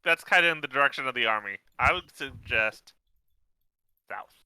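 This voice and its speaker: A man planning his party's next move in a tabletop game, stammering through restarts as he thinks aloud. His voice is very bright and clean. The recording is dry and close. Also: medium pitch, animated, normal speed, clean tone, dry recording, low-quality recording. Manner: stumbling restarts, repeating words. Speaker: player. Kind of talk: casual tabletop play on a live stream.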